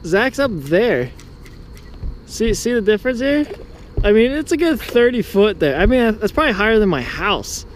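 A man hosting a fishing vlog from a boat, casual and excitable, hollering when he lands a fish. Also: high voice, normal speed. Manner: excitable, hollers over catches. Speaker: fishing vlogger. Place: outdoors on a small fishing boat. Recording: noisy outdoor boat audio.

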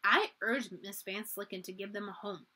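A woman voicing a dignified, proper grandmother who speaks calmly and formally. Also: medium pitch, moderate pace, breathy edge. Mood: cool. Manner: calm, formal and cool.

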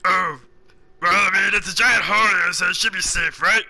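A man with a sore throat giving excitable let's play commentary, swearing a lot and narrating his own moves. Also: high voice, moderate pace, gravelly. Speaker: gaming commentator. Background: game music.

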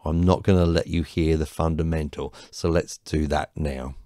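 A man's voice: a bass voice, fairly even intonation, normal speed, warm tone, no room sound. A man teaching music production in a home studio, explaining patiently step by step and checking in with the listener. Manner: patient, reassuring, explains step by step with frequent "okay?". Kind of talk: tutorial explanation.

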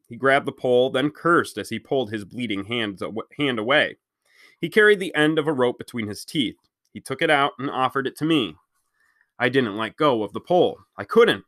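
A man reading a children's novel aloud at a steady pace, stopping now and then to correct his own slips. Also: mid-range voice, moderate pace, no echo, clean studio sound. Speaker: children's book reader. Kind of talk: read-aloud storytelling.

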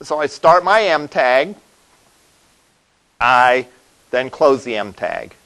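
A man's voice: mid-range voice, animated, takes it slowly, fairly bright tone, rough recording. A male college instructor giving a classroom lecture, explaining step by step and often checking in with "all right?". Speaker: college web development instructor.

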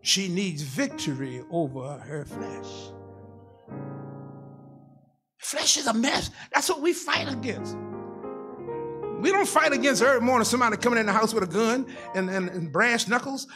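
A man's voice: sits high, expressive, normal speed, music in the background. A man in his sixties preaching a sermon as pastor, in a folksy, rhythmic style that repeats phrases and calls for responses from the congregation. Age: 60s.

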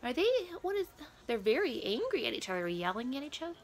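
A woman's voice: a little high, sing-song, quick pace. A woman playing a prim, nosy grandmother who reacts to a pop performance with prudish, flustered, rambling remarks and quaint asides. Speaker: comedic reaction host. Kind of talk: comedic character reaction video.

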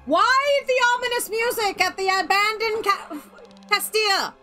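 A woman's voice: very high voice, unhurried, pushed and bright, faint music behind. A woman streamer chatting casually while gaming, sarcastic and playful, swearing freely. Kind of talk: casual gameplay chat.

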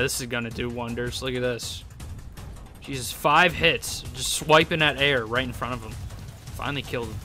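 A young man giving excitable gameplay commentary, laughing often and yelping in surprise. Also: a little high. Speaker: gaming YouTuber.

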